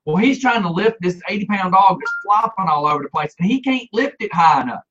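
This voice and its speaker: Man, high bright voice, animated storyteller doing voices; dull lo-fi recording. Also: a little fast, slight background noise. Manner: animated, acts out quoted voices, laughs often. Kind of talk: casual storytelling chat. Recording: dull lo-fi sound.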